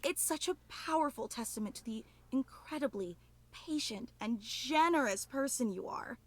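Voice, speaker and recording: A woman's voice: sits high, animated, normal speed. A woman voicing a clingy, emotional obsessive female superfan in a video game, gushing and tearful, apologizing over and over.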